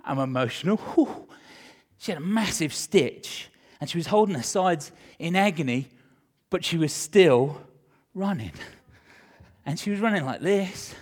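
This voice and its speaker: A middle-aged male pastor preaching a sermon, telling a personal story with animated emotion, swinging between loud and hushed. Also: fairly high pitch, a little slow.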